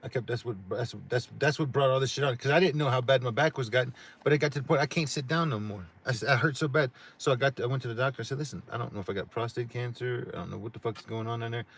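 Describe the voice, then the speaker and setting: A man's voice: medium pitch, racing, hardly any pauses, fairly bright tone. Profane rambling middle-aged man. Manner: profane, rambling, many restarts. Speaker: livestream co-host. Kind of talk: casual chat.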